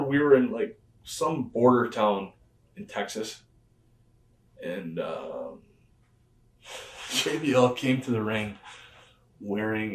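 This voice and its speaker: A man, a former pro wrestler as an interview guest, telling rambling backstage anecdotes with lots of fillers and the odd chuckle. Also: on the low side. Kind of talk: casual storytelling interview. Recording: roomy and distant from the mic.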